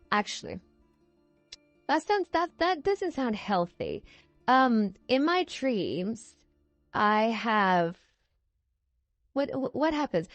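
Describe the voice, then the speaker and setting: A woman's voice: a little high, dry recording. A woman in her twenties, tired and yawning, recording a chatty, meandering voiceover at home and often correcting herself mid-sentence. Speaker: video creator. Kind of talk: casual rambling voiceover. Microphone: voiceover microphone.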